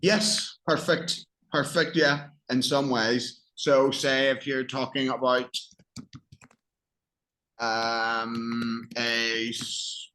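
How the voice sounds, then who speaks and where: A man tutoring a learner, encouraging and patient, searching slowly for the right words. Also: medium pitch, little pitch movement, bright, forceful tone, slight background noise.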